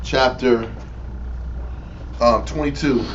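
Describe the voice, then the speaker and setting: A man's voice: medium pitch, fairly even intonation, takes it slowly. Emphatic man teaching scripture, keeps saying right?, muffled recording w/ faint noise. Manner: emphatic, repeats "Right?" and "Read on". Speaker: teacher leading a scripture reading. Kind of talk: animated bible study teaching. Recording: dull lo-fi audio with faint noise.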